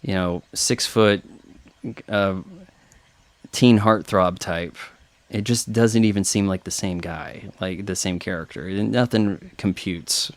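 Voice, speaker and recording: A man's voice: sits low, fairly even intonation, takes it slowly, dry recording. A man chatting casually through a film commentary, opinionated and thinking aloud with fillers. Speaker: commentary host.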